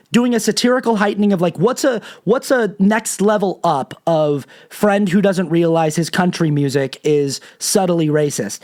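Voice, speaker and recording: A man hosting a solo political commentary show, talking in a profane, sarcastic, animated way as he retells comedy sketches. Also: high-pitched. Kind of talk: monologue commentary.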